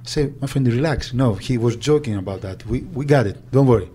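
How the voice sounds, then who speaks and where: Soft-toned man recalling. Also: mid-range voice, slight background noise. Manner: halting, searching for words. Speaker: agent. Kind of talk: interview recollection.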